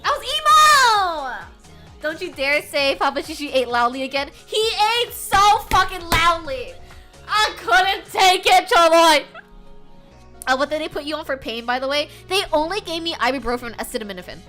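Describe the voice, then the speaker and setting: High, bright-voiced young woman streamer. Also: fast talker, hardly any pauses, faint music behind. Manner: bubbly, swings between soft and loud excited. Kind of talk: casual chat with viewers.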